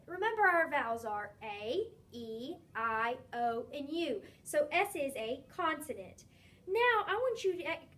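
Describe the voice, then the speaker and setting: High-voiced woman teaching phonics. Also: a bit bright. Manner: slow, clearly enunciated, encouraging. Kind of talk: phonics lesson for young children.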